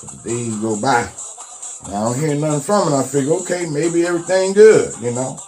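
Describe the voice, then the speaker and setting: Animated, profane man telling a tall tale. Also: fairly high pitch, normal speed, faint music behind. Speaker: comedic storyteller, self-styled witch doctor. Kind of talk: profane comic monologue.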